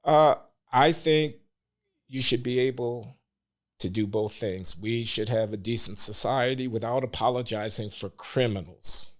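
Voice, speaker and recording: An older man speaking as a guest on a casual podcast, measured and deliberate with frequent hesitations. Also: medium pitch, fairly bright tone.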